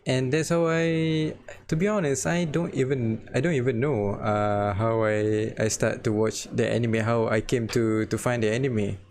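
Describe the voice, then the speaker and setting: A man's voice: medium pitch, steady tone, normal speed, a little mellow. A man co-hosting a casual podcast chat, stuttering and restarting often, with frequent laughs. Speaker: podcast co-host.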